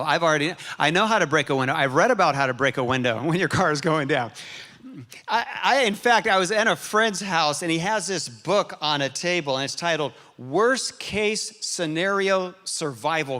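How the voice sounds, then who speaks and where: A man preaching a sermon as pastor, moving between self-mocking humor and earnest, quiet reflection. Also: on the high side. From Arizona, USA. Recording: reverberant hall.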